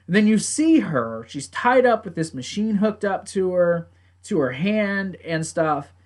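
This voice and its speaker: Casting note: man, higher-pitched voice, loose and rambling TV recapper who swears here and there. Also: expressive, a little slow. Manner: rambling, swears, talks to his mic. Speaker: TV show reviewer. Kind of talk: casual recap.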